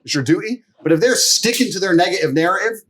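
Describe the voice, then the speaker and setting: A man's voice: high voice, expressive, quick pace, a bit bright, breathy edge. A man in a podcast chat, telling boastful stories in a brash, profane way and laughing often. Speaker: podcast guest. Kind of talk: casual storytelling chat.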